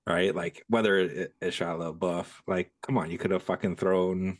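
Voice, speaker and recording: A man's voice: deep voice, fairly even intonation, normal speed. A man talking in a laid-back, profane, somewhat hesitant way in a casual film chat. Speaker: podcast co-host.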